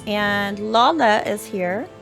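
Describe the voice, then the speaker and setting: A woman's voice: mid-range voice, expressive, takes it slowly, a bit bright, soft background music. Friendly woman hosting a gaming chat. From Texas, USA. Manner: friendly, leads the talk, uses fillers like "like". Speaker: host.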